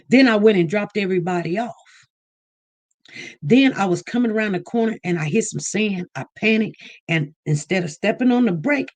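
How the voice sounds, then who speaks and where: A woman giving casual vlog commentary. She speaks in an animated way, circling back over her points and repeating herself. She now and then mimics other people. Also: medium pitch. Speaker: online news commentator.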